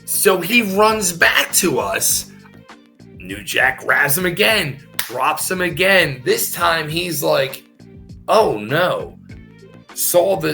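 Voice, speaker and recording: A middle-aged man with a gravelly, bright voice tells profane stories on a podcast. He talks slowly but swings his pitch widely, laughing as he goes. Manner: animated, profane, laughing, repeats himself. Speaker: podcast guest, former pro wrestler. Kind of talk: casual storytelling.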